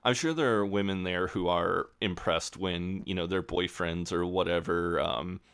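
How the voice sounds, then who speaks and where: A man's voice: deep voice, fairly even intonation, moderate pace, a bit bright, clear, resonant tone, dry recording. A man co-hosting a podcast, chatting casually, swearing freely and acting out characters' lines. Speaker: podcast co-host. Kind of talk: casual chat recapping a show.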